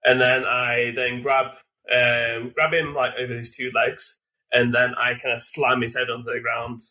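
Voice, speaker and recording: A man playing a tabletop game, halting and giggly as he describes his moves step by step. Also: mid-range voice, flat delivery, bright, forceful tone, poor audio. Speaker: player. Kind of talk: tabletop role-play chat.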